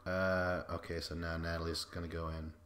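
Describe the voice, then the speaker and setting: A man's voice: sits low, level tone, moderate pace, fairly bright tone. A man hosting a podcast, giving casual, sarcastic commentary over a video and swearing freely. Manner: sarcastic, profane, frequent laughs.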